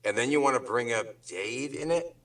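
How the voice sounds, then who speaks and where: A man's voice: mid-range voice, lively intonation, normal speed, a bit bright, far from the mic, poor audio. A man on a talk show ranting angrily and sarcastically, swearing constantly in loose slang. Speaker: guest on a drama talk show. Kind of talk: heated profane rant.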